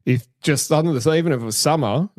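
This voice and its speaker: A man's voice: on the high side, fast, no echo. A middle-aged Australian man co-hosting a podcast, telling rambling, sweary stories in casual chat with the odd laugh. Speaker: podcast co-host.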